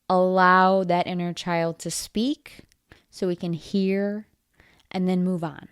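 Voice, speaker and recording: Woman, self-help podcast host, mid-range voice, slow and deliberate delivery, encouraging tone. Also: mid-range voice, clean tone, no echo, clean studio sound.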